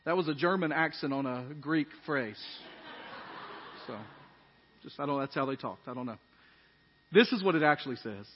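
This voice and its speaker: A man's voice: high-pitched, animated, measured pace, long pauses. A man preaching a sermon with emphatic rising phrases, often asking the congregation questions. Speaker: pastor. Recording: dull sermon audio with long hall reverb.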